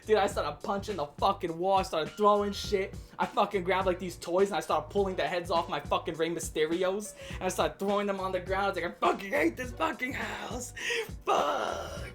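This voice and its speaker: A man in his late twenties telling a childhood story in a casual vlog rant, animated and profane, laughing and full of slang. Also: high voice, fairly quick, few pauses, soft background music. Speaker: vlogger ranting about his childhood.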